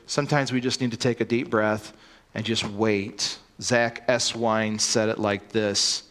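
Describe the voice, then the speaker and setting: A man's voice: fairly low pitch, level tone, measured pace, a bit bright. A man preaching a sermon, earnest and emphatic, often repeating words as he starts a sentence.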